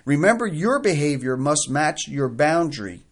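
A man talking through examples in a casual advice chat, excitable and emphatic, often acting out lines people might say. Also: a little high, normal speed. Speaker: co-host on family recovery.

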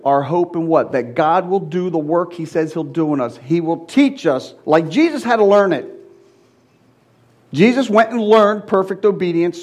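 Animated man preaching a testimony sermon. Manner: swings from loud high exclaiming to quiet low confiding.

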